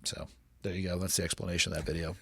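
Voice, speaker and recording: A man's voice: deep voice, level tone, rapid-fire, gravelly, bright, forceful tone, slightly rough, no echo, studio quality. A man in his forties hosting a podcast, talking bluntly and wryly with plenty of profanity in casual chat. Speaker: podcast host.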